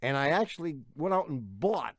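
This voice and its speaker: A man co-hosting a radio car show, reading aloud and breaking into wheezy, high cackling laughter. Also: sing-song, moderate pace, dry recording. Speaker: radio co-host. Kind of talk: radio call-in show banter.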